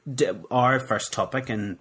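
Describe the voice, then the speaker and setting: A man's voice: mid-range voice, sharp tone, breathy edge. A man co-hosting a podcast in casual chat, chatty and full of tag questions, coughing and spluttering now and then. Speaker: podcast co-host.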